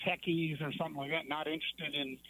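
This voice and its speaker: A man's voice: on the high side, little pitch movement, fast talker, over a noisy crowd, poor audio. A man calling in to a radio show, talking plainly about business. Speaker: caller. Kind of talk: phone-in conversation.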